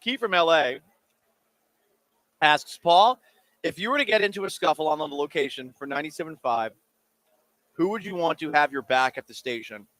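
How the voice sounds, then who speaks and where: A man's voice: on the high side, normal speed, long pauses, dry recording. A man hosting a sports radio show, chatting casually and joking with listeners' questions. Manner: animated, jokey, talks while eating. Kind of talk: casual call-in radio talk. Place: radio studio. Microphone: studio microphone.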